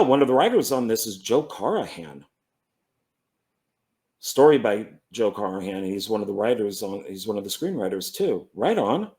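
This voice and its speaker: A man casually going through his film collection, rambling, correcting himself and stumbling over names. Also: fairly low pitch. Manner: relaxed, enthusiastic about films. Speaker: movie collector.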